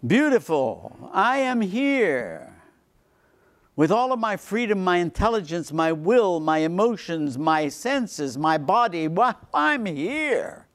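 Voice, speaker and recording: A man, a priest, giving a lecture on faith to a seminar, repeating phrases for emphasis and dropping into quiet low asides. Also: takes it slowly. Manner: animated, swings between emphatic lines and quiet low asides.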